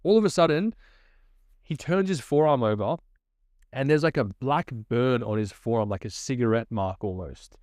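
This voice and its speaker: A man telling his personal testimony in a lively, conversational storytelling manner. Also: medium pitch, normal speed, no echo, studio quality. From Australia.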